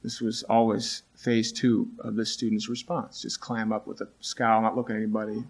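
A middle-aged man, a teacher, telling a story from his class in an earnest, halting way, with many restarts. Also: fairly low pitch, little pitch movement, creaky, slightly rough. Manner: earnest and halting, with many restarts, rising when he quotes students. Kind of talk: storytelling talk.

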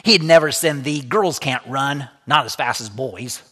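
A man's voice: mid-range voice, a little slow, sharp tone, pitched above the performer's own voice. A man voicing an eager, boastful young boy in a room with a long echo. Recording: echoey room with long reverb.

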